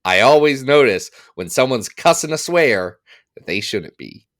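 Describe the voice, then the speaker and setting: Male podcast co-host, mid pitch, lively self-mocking delivery, casual comedic chat. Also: unhurried. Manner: playful, self-mocking, animated.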